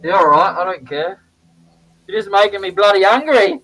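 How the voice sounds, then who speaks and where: A man's voice: high voice, animated, moderate pace, fairly bright tone, poor audio. A man on a video call chatting casually about woodworking, teasing the others in an easygoing way.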